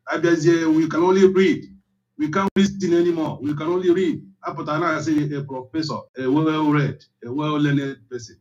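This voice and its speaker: A man's voice: fairly high pitch, a little mellow. A man with a Nigerian Igbo accent, calling in and speaking with passion, mixing Igbo and English. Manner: impassioned, repetitive. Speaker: caller. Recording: muffled phone-in audio.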